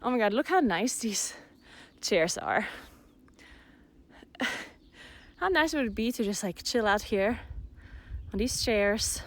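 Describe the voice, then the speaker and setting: A woman's voice: mid-range voice, lively intonation, takes it slowly, pauses often. A woman streamer chatting casually with her viewers while hiking outdoors on a mountain trail, laughing often.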